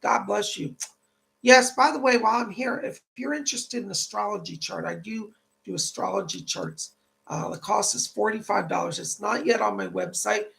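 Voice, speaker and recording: Psychic guy on a live stream, high voice, super gravelly and tight, chatty. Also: moderate pace, fairly bright tone. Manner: chatty, relays spirit messages in quoted asides. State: voice tight and cracking from a cold house.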